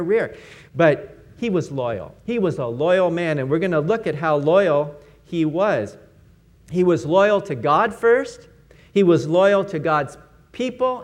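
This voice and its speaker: A man preaching a sermon, emphatic, repeating key words and asking rhetorical questions. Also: high-pitched.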